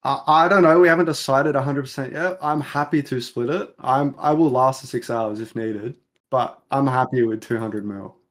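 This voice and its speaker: An Australian man chats as a game contestant. He jokes around in a laid-back way. His voice sits at an ordinary middle pitch. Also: moderate pace. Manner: joking, laid-back banter. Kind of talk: casual chat.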